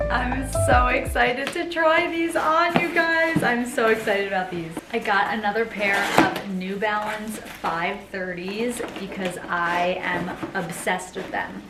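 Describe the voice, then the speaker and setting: A woman's voice: on the high side, slow pace. Young woman, gushing haul vlogger, casual chat to viewers, echoey room, camera mic at a distance. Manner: gushing, excitable, talks to viewers. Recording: roomy, camera mic away from her, music behind.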